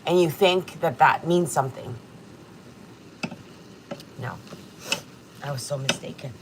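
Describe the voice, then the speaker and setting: A woman's voice: low-pitched, takes it slowly, a little hiss or hum, low-quality recording. Tearful woman in her forties chatting candidly. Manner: candid, emotional, swears freely. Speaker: livestream host. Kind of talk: casual livestream chat. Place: home kitchen.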